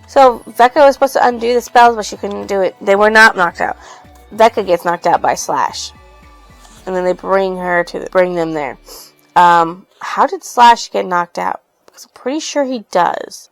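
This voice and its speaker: Gravelly-voiced woman recapping a book. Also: medium pitch, low-quality recording. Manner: rambling, swears freely. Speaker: book reviewer.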